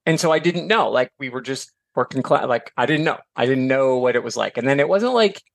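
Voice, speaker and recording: A middle-aged man from Michigan chatting as a podcast guest, animated and filler-heavy, slipping into voices for quotes. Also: medium pitch, brisk, gravelly, no room sound. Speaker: podcast guest, author and educator. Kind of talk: casual chat.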